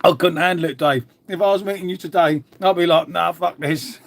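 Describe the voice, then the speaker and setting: A man's voice: sits high, steady tone, quick pace, a little hiss or hum. A middle-aged man, hosting a casual live stream, chatting bluntly with viewers, swearing freely and calling them mate. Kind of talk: casual live chat reading comments.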